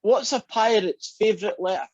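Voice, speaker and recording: Husky chatty teacher on a call. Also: mid-range voice, moderate pace, darkish tone, no room sound, highs cut off. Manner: chatty, encouraging, laughs easily. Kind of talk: online class, casual joke telling.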